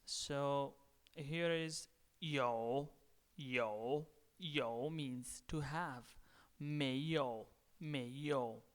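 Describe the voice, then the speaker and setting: A man giving a slow video lecture as a language teacher, repeating each word several times. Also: mid-range voice, fairly bright tone. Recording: long reverb.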